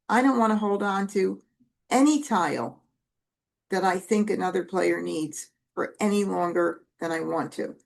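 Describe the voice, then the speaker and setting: A woman with a gravelly, fry-edged voice talks through Mah Jongg strategy as she plays. Her delivery is loose and conversational, with asides and self-corrections. Her pitch sits in the middle for a woman. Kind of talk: casual teaching while playing.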